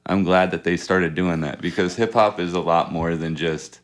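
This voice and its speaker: Very deep-voiced laid-back man. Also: steady tone, moderate pace. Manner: laid-back, chuckles often, rambling anecdotes. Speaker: rapper and producer, guest. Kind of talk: casual interview storytelling.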